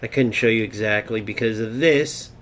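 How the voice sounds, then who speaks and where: Casual, profane play-by-play comes from a young gaming streamer trash-talking his opponent in a football video game. He has a fairly low pitch yet a fairly bright tone, talks at a normal speed, and the audio carries slight background noise.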